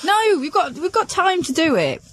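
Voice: extremely high pitch, sing-song, moderate pace, a bit bright, a little hiss or hum. A radio co-host firmly pushing the host on in casual banter.

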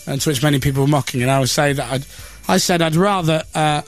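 A man hosts a radio breakfast show from a studio, bantering casually on air and reading a newspaper story aloud with sarcastic, mocking, self-deprecating asides. His voice is on the high side and quick, picked up by a studio microphone with soft background music.

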